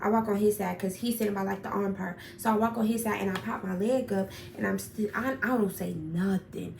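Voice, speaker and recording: A young woman telling a personal story in a casual, animated, profane way, getting worked up as she retells it. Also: medium pitch, brisk, vocal fry. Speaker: storyteller vlogger. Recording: roomy echo, far from mic, faint noise.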